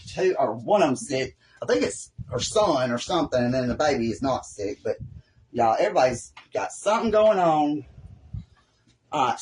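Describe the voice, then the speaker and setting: A man's voice: on the high side, husky. A man with a Southern US accent hosting a live craft tutorial at home, rambling and folksy as he works. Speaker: craft host.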